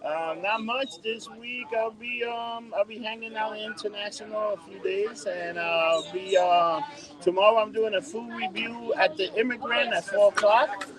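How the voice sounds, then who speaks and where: High-voiced joking man over crowd noise. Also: fairly even intonation, moderate pace. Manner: joking, loose, profane reactions. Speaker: podcast co-host and bartender. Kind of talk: casual chat.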